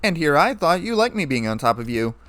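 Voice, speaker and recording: A man's voice: on the high side, sing-song, brisk, a bit bright, no echo, voice pushed up. A man reading a story aloud, voicing a bold, teasing tomboy pegasus mare. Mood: brash.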